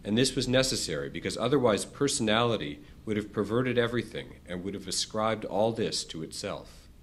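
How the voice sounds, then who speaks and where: A man with a fairly low voice reads a book passage aloud at a measured pace. He lifts his pitch for the quoted questions and lets it drop for the narration. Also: lively intonation, a little hiss or hum. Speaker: reader.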